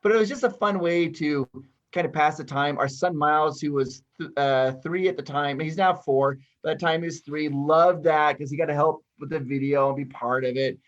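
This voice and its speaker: A man from Utah, a guest on a podcast, telling stories in a lively, casual way and laughing often. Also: fairly high pitch, normal speed, highs cut off. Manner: animated storyteller, laughs often.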